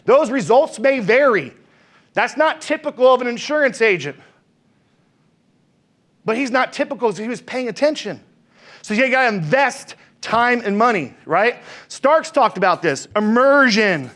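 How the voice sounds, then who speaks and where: Guy with a really high voice pumping up a sales crowd, lots of stories and questions. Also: moderate pace. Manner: energetic, storytelling, asks the audience questions. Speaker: sales trainer. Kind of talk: motivational talk with stories.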